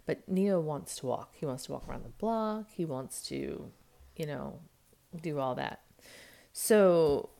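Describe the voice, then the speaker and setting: A woman's voice: very animated, slow pace, gravelly. A woman in her thirties, a mother chatting to her camera at home, rambling through a family story and acting out what people said. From United States. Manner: rambling storytelling, acts out quotes with jumps in pitch and loudness. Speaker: vlogger and mother. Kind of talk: casual chat to camera. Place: at home, indoors. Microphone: camera mic.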